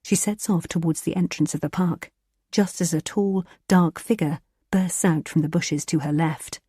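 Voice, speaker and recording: A woman reading a thriller audiobook in a tense, measured narrating style. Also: deep voice, fairly even intonation, mellow, slightly rough, no room sound, clean studio sound.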